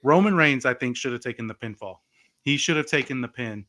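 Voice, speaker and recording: Bright-voiced animated male podcaster. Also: medium pitch, fairly quick. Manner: animated, many fillers like "like" and "you know". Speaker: podcast co-host. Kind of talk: casual wrestling podcast chat.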